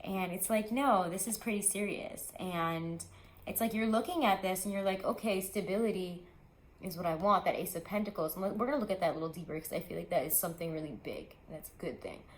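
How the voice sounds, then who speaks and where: Woman tarot reader, low-pitched, chatty and rambling, echoey room. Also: fast talker. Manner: chatty, rambling, many "like"s and asides. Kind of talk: casual tarot reading to camera.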